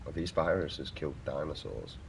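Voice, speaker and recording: A young British man with a very deep voice, swearing and ranting casually while chatting to viewers on a stream. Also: animated, moderate pace, gravelly, a little hiss or hum. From United Kingdom. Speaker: gaming streamer. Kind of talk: casual livestream chat.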